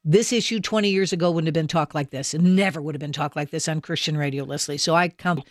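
A man's voice: on the high side, quick pace, no echo, clean studio sound. A man hosting a Christian radio interview, talking in an earnest, encouraging, preacherly way.

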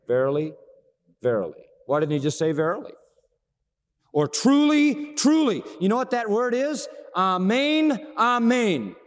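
Man, preacher, sermon, slightly high voice, rhetorical questions, long hall reverb. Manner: expressive, rhetorical questions, acts out dialogue.

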